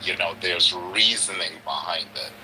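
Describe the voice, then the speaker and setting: A man joining a live-stream chat, animated and asking pointed rhetorical questions. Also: low voice, moderate pace, slight background noise, rough recording. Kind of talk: casual chat.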